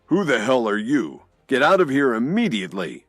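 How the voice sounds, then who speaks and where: A man voicing an irritated hotel owner in an audio drama, shouting fiercely. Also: mid-range voice, very animated, normal speed, dry recording, faint music behind, pitched above the performer's own voice. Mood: angry.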